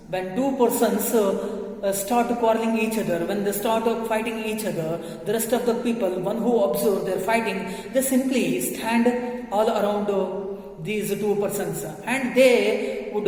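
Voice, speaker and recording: Slow, hesitant teacher in echoey room. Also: male voice, high-pitched, a little mellow. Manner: repeats and rephrases, many hesitations. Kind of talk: classroom story explanation. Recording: echoey room with long reverb.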